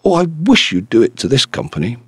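A man voicing an excitable, earnest young woman in an audiobook reading, exclaiming eagerly. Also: mid-range voice, fairly quick, husky, no echo, clean studio sound, voice pushed up, exaggerated voice. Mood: delighted.

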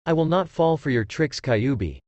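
A man voicing a gruff older male mentor who switches between gentle and snarling. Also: on the high side, expressive, no room sound, lightly acted. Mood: intense. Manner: gentle yet quick to snarl.

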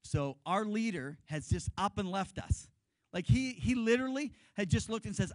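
High-voiced lively pastor preaching. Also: male voice, moderate pace, no echo, low-quality recording. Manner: lively storyteller, leads the congregation in call-and-response. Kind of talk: sermon.

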